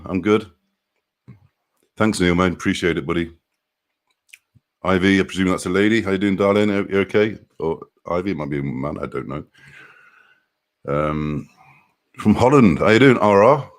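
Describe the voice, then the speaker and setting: A low-voiced man, hosting a relaxed live stream. He greets viewers one by one in an upbeat, friendly chatter. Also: normal speed, pauses often. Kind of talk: casual live-stream chat.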